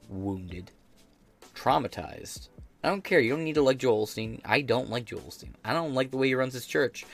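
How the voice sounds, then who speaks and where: An American man hosting a podcast, reacting to news in a blunt, profane rant. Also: medium pitch. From United States. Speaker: podcast host. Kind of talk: casual reaction commentary.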